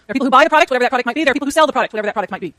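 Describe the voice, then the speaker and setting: A middle-aged woman teaches a university economics class at a very fast clip, her voice high, expressive and fairly bright. She chats casually and keeps quizzing the students, and the close, dry sound has no echo.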